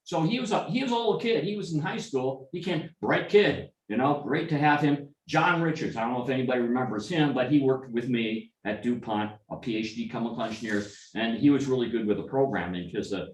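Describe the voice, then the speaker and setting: A man's voice: medium pitch, fairly quick. Man, middle-aged, rambling anecdotes, club meeting talk, distant mic, echoey room. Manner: rambling anecdotal storytelling with restarts and asides. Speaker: club member telling stories.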